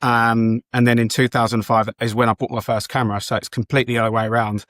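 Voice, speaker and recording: Relaxed man, mid-pitched, hesitant talk. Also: quick pace, dry recording, clean studio sound. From England. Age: 40s. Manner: relaxed, hesitant, many ums and restarts. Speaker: guest, DJ and photographer. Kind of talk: casual interview chat.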